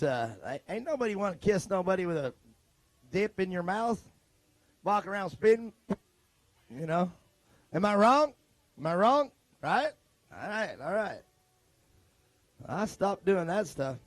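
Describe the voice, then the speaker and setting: A man's voice: high voice, dry recording. A man from California announcing a live off-road race, joking and rambling in loose banter. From Modesto, California.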